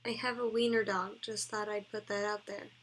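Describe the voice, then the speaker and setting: A woman's voice: mid-range voice, flat delivery, normal speed, rough recording. A young adult woman in a casual vlog, giggly and rambling as she reacts to her old posts, with lots of "like" in her speech. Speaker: cosplay vlogger.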